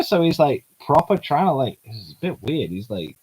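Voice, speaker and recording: A man commenting casually while he reads a manga on stream, rambling and giggly. His voice swoops freely up and down and sits at a middling pitch. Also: sing-song, moderate pace, hardly any pauses, darkish tone, breathy edge, poor audio.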